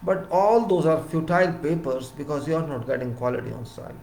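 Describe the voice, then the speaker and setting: This man, speaking with an Indian English accent, delivers a brisk civil engineering lecture in a fairly high voice with lively intonation. He's emphatic, repeats words, and shifts between loud and soft. The sound is roomy and the recording rough.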